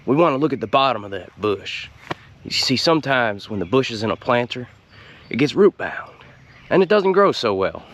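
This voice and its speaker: A man hosting a comedic gardening tutorial outdoors in a folksy, drawling way, with deadpan innuendo. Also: mid-range voice, normal speed, a little hiss or hum. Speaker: gardening show host.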